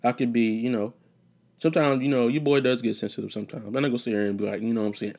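A man's voice: mid-range voice, steady tone, racing, gravelly, a little mellow. A young man hosting a solo podcast, rambling and joking, profane and casual, wandering off topic. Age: young adult. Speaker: podcast host.

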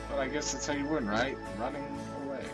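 A man giving a rambling, self-mocking recorded comment and giggling between thoughts. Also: medium pitch. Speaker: listener sending a recorded comment.

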